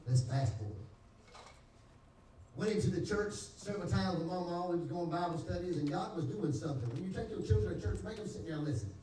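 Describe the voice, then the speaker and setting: A man's voice: sits high, animated, a little fast, dark tone, a little hiss or hum. A man with a North Carolina Southern accent, a pastor giving his testimony in folksy storytelling style, acting out the dialogue. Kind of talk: testimony preached to a congregation. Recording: echoey church hall, distant mic.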